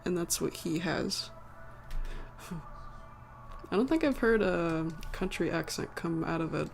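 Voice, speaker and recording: A woman's voice: on the low side, lively intonation, measured pace, creaky. A woman with a slight American country accent, chatting casually to a live-stream audience, rambling and correcting herself as she goes. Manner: rambling, self-correcting, chuckling. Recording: faint background music.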